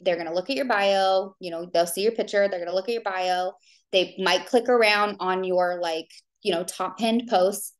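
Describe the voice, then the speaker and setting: A woman in her thirties giving a casual live training call, chatty and rambling with lots of fillers. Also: mid-range voice. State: tearful. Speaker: business coach.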